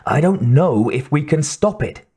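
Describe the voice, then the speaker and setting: A man reading as a worried male chief engineer speaking low and urgently. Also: expressive, a little slow, breathy edge. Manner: hushed, urgent.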